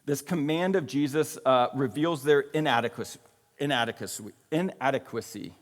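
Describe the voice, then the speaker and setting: A man's voice: medium pitch, normal speed. A man preaching a sermon in a casual, conversational way, often checking in with "right?" and "like". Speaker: pastor. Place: church sanctuary. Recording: long reverb of a church hall.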